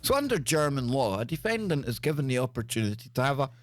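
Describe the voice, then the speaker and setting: A man's voice: medium pitch, sing-song, fast talker, no room sound, soft background music. A man hosting a live stream, riffing crudely and jokily on odd news stories with stammered restarts. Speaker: show host.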